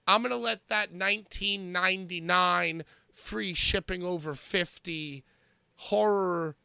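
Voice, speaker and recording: A man's voice: sits high, gravelly, pushed and bright, smooth, dry recording. A man hosting a casual wrestling talk show, loose and profane as he reads out viewer comments and plugs merch over a remote mic. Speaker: podcast host.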